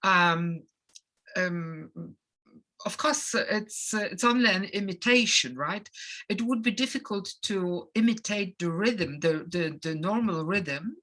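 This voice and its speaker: A woman from Poland with a Polish accent, giving an academic lecture in English as a non-native speaker, pausing often with fillers and restarts. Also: mid-range voice, a bit bright. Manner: hesitant, many fillers and restarts. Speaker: conference lecturer.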